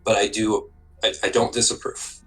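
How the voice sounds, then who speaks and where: A man guides players through a tabletop game as dungeon master. His voice sits a bit low, and he talks in a relaxed way that keeps doubling back on itself mid-sentence. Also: moderate pace, faint music behind, rough recording. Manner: relaxed, restarts sentences often.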